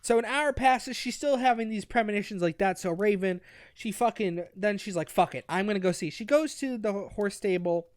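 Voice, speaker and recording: A man's voice: high-pitched, moderate pace, no room sound, studio quality. A man co-hosting a casual review chat, crude and sarcastic, often restarting his sentences. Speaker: podcast co-host.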